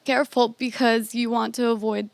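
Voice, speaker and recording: A woman in a casual panel chat, speaking softly and hesitantly with many "um"s. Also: on the high side, level tone, normal speed, creaky, no room sound.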